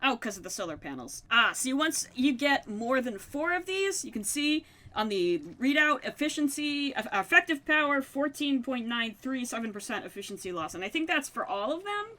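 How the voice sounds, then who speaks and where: A woman's voice: sits high, sing-song, moderate pace, few pauses, bright, forceful tone. A woman casually narrating her modded game, playfully taunting mobs and talking herself through crafting. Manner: playful, talks to mobs, mock-dramatic taunts. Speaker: gamer narrating her play. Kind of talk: casual let's-play commentary.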